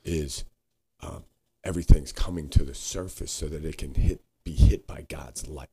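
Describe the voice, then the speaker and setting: A man co-hosting a podcast, talking earnestly and haltingly, searching for words and swearing now and then. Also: very deep voice, steady tone, vocal fry, mellow, breathy edge. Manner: frequent swearing. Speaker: podcast co-host. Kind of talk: candid reflective conversation.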